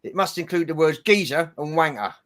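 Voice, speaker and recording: This man is a livestream host talking over a video call. His voice is slightly higher than usual for a man, and he speaks in a friendly, gushing way, full of everyday slang. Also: expressive, brisk, fairly bright tone. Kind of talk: casual livestream chat.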